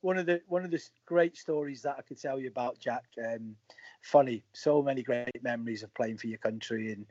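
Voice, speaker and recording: In this interview, a man who used to play football recounts stories at a brisk pace, his voice medium in pitch. He animatedly performs the dialogue of the people he describes, keeping things casual. The recording sounds dry and a bit muffled.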